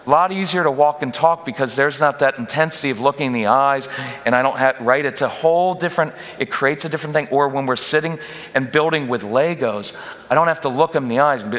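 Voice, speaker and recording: A man giving a humorous parenting workshop talk as a guest speaker, lively and jokey, often slipping into quick mock voices of parents and kids. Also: mid-range voice. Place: church auditorium. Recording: long hall reverb in a church.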